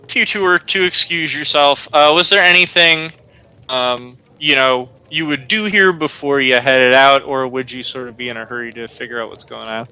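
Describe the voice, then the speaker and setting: A man's voice: mid-range voice, normal speed, pushed and bright, clean tone, no room sound, low-quality recording. A man narrating a tabletop game as game master, hesitant with many fillers.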